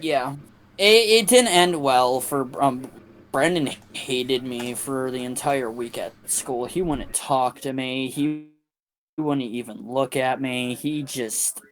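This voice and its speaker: A man's voice: mid-range voice, fairly even intonation, slow, slight background noise. A young man streaming a game, telling a long crude story in a casual, profane, rambling way with many restarts.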